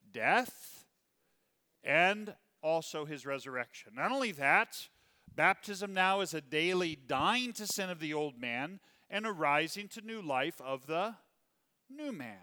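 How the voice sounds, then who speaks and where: A man's voice: sits high, expressive, slow, pushed and bright. A male pastor giving a sermon, emphatic, drawing out key words, with chuckling asides, in a church. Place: church sanctuary. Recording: long reverb from a church hall.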